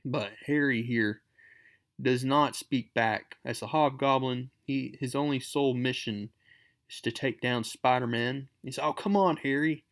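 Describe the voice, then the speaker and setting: A man's voice: medium pitch, fairly even intonation, a little slow, a bit bright. A man hosting a casual comic book recap, talking in a chatty, enthusiastic way.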